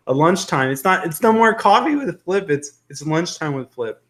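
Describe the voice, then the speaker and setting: A man's voice: on the high side, expressive, a little slow, a bit bright. Chatty male livestream host. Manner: rambling, joking, reads viewer comments aloud. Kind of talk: casual live-stream chat.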